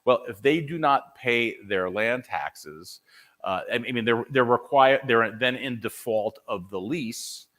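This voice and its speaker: A man giving a live conference presentation and taking audience questions, talking energetically with many restarts and repeated words. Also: measured pace. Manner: energetic, repeats and restarts often, conversational pitch. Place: conference hall.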